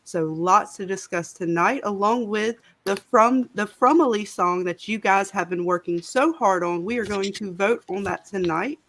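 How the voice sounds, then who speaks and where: A woman's voice: mid-range voice, moderate pace, hardly any pauses. A woman with a Southern US accent co-hosting a casual livestream, chatty and greeting viewers by name. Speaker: livestream co-host.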